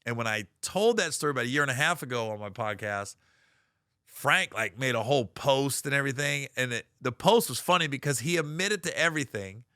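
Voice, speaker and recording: Brief: middle-aged male comedian, bright dry voice, animated storytelling. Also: medium pitch, a little fast, no room sound. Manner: animated, profane, acts out quoted voices.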